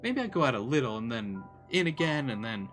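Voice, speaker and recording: A man's voice: mid-range voice, big pitch swings, a little fast, natural voice. A man voicing a prim, talkative female cat in a visual novel, lilting and chatty, over game music. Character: prim talkative female cat who loves crunchy bits. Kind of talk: voice-acting a visual novel on stream. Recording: music playing behind.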